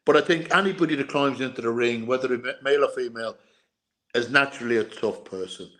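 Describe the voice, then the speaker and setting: A man's voice: mid-range voice, fast, a bit bright. A man from Ireland with a mixed Irish and English accent, a former boxer and bodyguard telling his story in a casual interview, earnest and repeating himself as he goes. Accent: Irish with English mix. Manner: repetitive, earnest storytelling with restarts.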